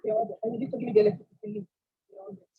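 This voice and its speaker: A woman's voice: a little high, sing-song, very fast, vocal fry, husky. A woman speaking in short, fragmented, flustered bits. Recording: dull lo-fi sound.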